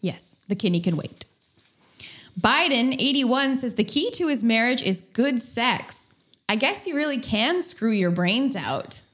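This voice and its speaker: A young woman co-hosting a podcast in casual chat, trading banter and quick punchlines. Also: on the high side, expressive, a bit bright. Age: young adult. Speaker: podcast co-host.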